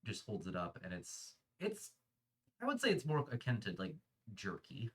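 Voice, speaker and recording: A man's voice: on the low side, huge pitch swings, moderate pace, fairly bright tone, husky. A man narrating a tabletop role-playing game as game master, talking loosely with many fillers and laughs. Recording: voice a little far from the mic.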